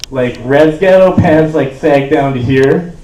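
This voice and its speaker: Doing a relaxed, meandering stand-up set, this Canadian man in his 20s leans heavily on "like" and "uh." His fairly high, slightly mellow voice moves at a measured pace, with highs cut off, and it sounds distant amid a roomy echo.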